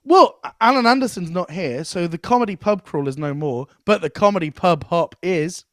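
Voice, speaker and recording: A man in casual podcast chat, telling comedy stories in an animated way and laughing through his punchlines. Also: high-pitched, moderate pace, no echo, clean studio sound.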